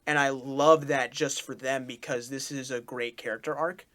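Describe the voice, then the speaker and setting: Man, middle pitch, casual reaction host, gushes and repeats himself, plenty of restarts. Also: fairly even intonation, normal speed, a bit bright. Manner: effusive, repeats his praise over and over; talks through restarts and stumbles.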